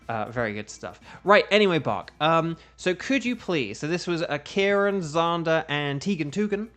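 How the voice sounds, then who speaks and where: A man's voice: fairly high pitch, animated, unhurried, a bit bright. A man who is a voice actor, chatting casually and rambling to his viewers as he hosts a live game stream, humming to himself between thoughts. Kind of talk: casual live-stream chat while playing. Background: faint background music.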